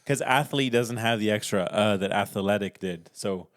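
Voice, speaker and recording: A man's voice: fairly low pitch, moderate pace, no echo. A man co-hosting a podcast, joking in a dry, laid-back way. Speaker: podcast co-host. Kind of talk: casual podcast banter.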